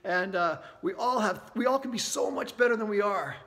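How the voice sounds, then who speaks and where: High-voiced energetic man coaching. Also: moderate pace. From Canada. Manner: energetic, keeps checking in with "right?" and "okay?". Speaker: anxiety workshop presenter. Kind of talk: motivational talk to camera.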